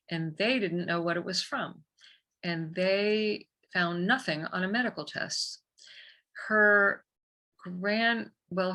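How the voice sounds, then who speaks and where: Woman, energy healer guest, bright forceful voice, animated storyteller. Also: lowish voice. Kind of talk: conversational storytelling.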